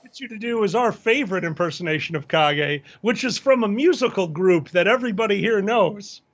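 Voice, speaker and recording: An American man co-hosting a casual livestream, playful and quick to joke and laugh. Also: high-pitched, animated, fairly bright tone, muffled recording. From United States. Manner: playful, sings silly parodies, laughs often. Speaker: co-host.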